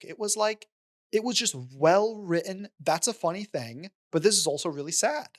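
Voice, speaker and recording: Animated man retelling film scenes. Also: sits high, moderate pace. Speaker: podcast co-host. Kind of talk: casual film discussion.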